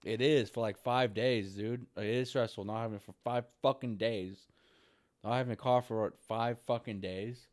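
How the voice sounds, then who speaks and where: A man's voice: medium pitch, fairly even intonation, moderate pace. A man venting in a frustrated, repetitive monologue, swearing constantly and ending lines with "dude.". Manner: frustrated ranting, heavy swearing, repeats "dude". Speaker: vlogger.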